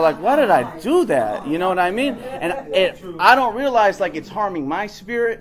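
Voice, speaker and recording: Young man, a bit high-pitched, candid recovery speaker, casual and profane. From Los Angeles area. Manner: candid, profane, street-casual with many "like" and "right?". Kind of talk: personal recovery share at a workshop.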